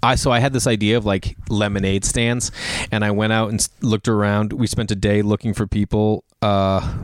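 A man's voice: lowish voice, level tone, normal speed. A man in his thirties talking casually on his own podcast, rambling through stories and acting out quotes in a raised voice. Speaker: podcast host. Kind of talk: casual solo podcast monologue.

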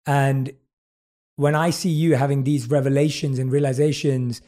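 A man's voice: mid-range voice, little pitch movement, moderate pace, dark tone. A British man interviewing a guest, effusive and full of praise, reading passages from her book aloud. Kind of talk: warm podcast interview.

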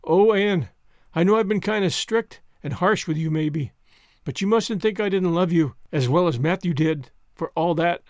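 A man reading the part of a strict older woman who speaks with plain, halting tenderness, in a dry, close recording. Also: high voice, a little mellow, no room sound, lightly acted. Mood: tender. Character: stern older woman, softening with love.

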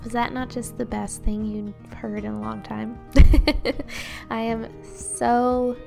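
A woman's voice: a little high, fairly even intonation, slow pace, vocal fry, music in the background. A woman hosting a podcast, closing the season with gushing thanks to her guest and listeners. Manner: gushing, warm thanks with light laughs. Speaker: podcast host. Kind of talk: heartfelt outro monologue.

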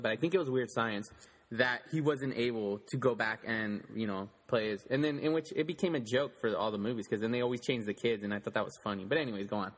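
A man co-hosting a podcast, chatting loosely and teasing his co-host. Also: medium pitch. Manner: chatty, joking, talks over his co-host. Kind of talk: casual podcast chat.

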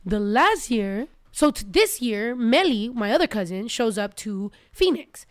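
High-voiced woman podcast host, profane and heated. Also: sing-song, a little slow, no room sound, clean studio sound. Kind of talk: casual chat.

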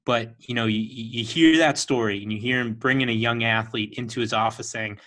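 A man hosting a casual interview, enthusiastic and quick to praise his guest. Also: medium pitch, steady tone, sharp tone. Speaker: podcast host.

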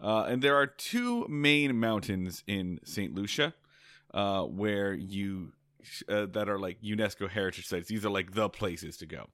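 A man's voice: lowish voice, expressive, measured pace, fairly bright tone, no room sound, clean studio sound. A man co-hosting a casual podcast, telling a rambling story with many restarts and laughs. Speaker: podcast co-host.

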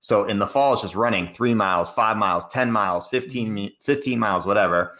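A man in his thirties from Cambridge, Massachusetts, a guest telling stories in casual talk, animated and laughing often. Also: fairly low pitch, a little fast. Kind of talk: casual storytelling.

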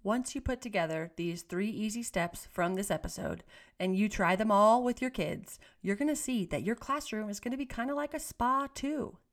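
A woman, a teacher, hosting a classroom tips podcast in an upbeat, encouraging, conversational way. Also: medium pitch.

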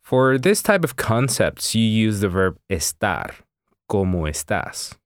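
A man's voice: lowish voice, big pitch swings, unhurried, dry recording, clean studio sound. A man co-hosting a language podcast as the teacher, patiently explaining grammar with examples. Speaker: Spanish teacher and podcast co-host.

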